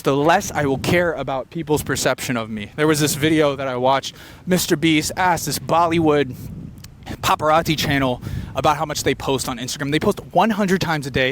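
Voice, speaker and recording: A man doing an unfiltered stream-of-consciousness comedy monologue, rambling and fast-talking with quick tangents. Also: fairly high pitch, a little hiss or hum. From Filipino heritage. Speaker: comedian podcaster. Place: beach location outdoors.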